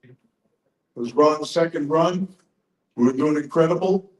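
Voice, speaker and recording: Tipsy sixty-something guy ranting and cussing, highish voice, echoey room. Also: unhurried. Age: 60s. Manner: profane, excitable storyteller. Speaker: conference speaker. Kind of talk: rambling speech to a crowd.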